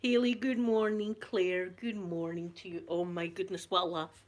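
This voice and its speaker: A woman's voice: on the low side, steady tone, normal speed. A Scottish woman chatting casually on a live stream, greeting viewers by name and telling a story with giggles. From Scotland. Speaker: vlogger.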